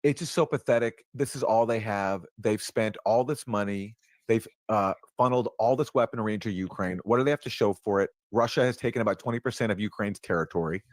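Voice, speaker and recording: A man hosting a political commentary show, brisk and scornful as he talks. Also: lowish voice, no echo. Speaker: show host.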